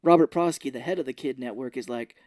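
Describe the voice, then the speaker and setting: A man's voice: medium pitch, fast talker, no room sound, clean studio sound. A man co-hosting a casual film podcast, animatedly retelling the plot scene by scene. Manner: animated retelling with playful put-on voices. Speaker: podcast co-host. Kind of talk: casual film recap chat.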